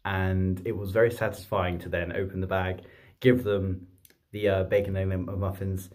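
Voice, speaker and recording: A man, telling a story to camera in a chatty, rambling, excitable way. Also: low voice, normal speed. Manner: chatty, rambling, excitable, with many fillers and restarts. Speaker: vlogger and streamer.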